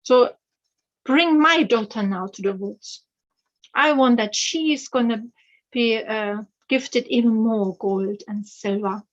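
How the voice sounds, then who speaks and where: A greedy fairy-tale stepmother gives commands to her household, voiced by a woman narrator. The delivery is slow and the recording slightly muffled. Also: medium pitch, expressive, breathy edge. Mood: scheming.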